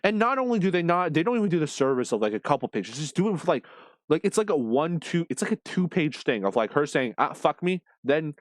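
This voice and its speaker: A man's voice: fairly high pitch, quick pace, no echo. A man ranting casually about a comic he read, swearing constantly and sounding exasperated. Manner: profane, animated, exasperated. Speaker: manga reviewer.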